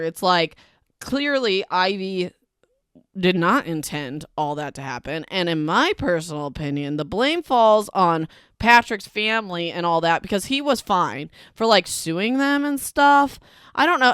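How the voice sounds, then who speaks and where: A woman's voice: medium pitch, a bit bright, smooth, dry recording, studio quality. A woman hosting a casual book recap podcast, talking in a chatty, emphatic way and filling her speech with "like". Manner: chatty and emphatic, heavy use of "like". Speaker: podcast host.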